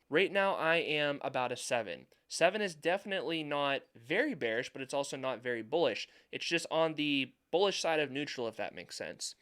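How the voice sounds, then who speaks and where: A man's voice: mid-range voice, fairly bright tone, clean tone. A young adult man giving market commentary over charts, emphatic and repeating points for stress. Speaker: finance YouTuber.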